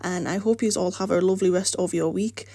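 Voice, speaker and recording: Fairly quick and mellow, her voice sits on the low side with fairly even intonation and no audible room. The woman runs an art channel and is chatting casually from her home studio, rambling and encouraging while the flu starts to take her voice.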